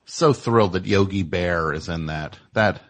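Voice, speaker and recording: Low-voiced male talk show host. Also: measured pace, fairly bright tone. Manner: teasing, riffing and rambling. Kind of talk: comedic call-in chat.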